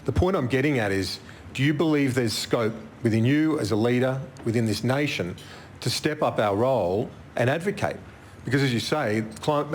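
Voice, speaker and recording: An Australian male reporter at a press conference, working through a question in halting stretches. His pitch sits mid-range for a man, with a faint hiss in the background. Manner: halting, searching for words.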